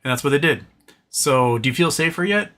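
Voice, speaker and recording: A man with a bright, fairly high voice hosts a political livestream. He rants with exasperated sarcasm, swearing freely and tripping over restarts and fillers. His voice has a crisp, forceful edge. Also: animated, a little fast, a little hiss or hum. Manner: exasperated, sarcastic, swears, mocks opponents with put-on quotes. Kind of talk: ranting political commentary.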